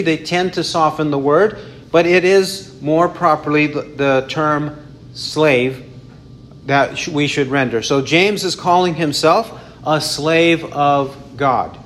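A man teaching a Bible study, explaining in a measured way with frequent restarts and self-corrections. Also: fairly high pitch, a bit bright, slight background noise.

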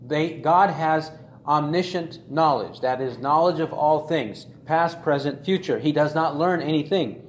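Guy preaching a sermon, leans hard on repeated lines, echoey room with a faint hiss behind. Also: a little high. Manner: deliberate, emphatic, repeats key phrases. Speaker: pastor. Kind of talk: expository sermon.

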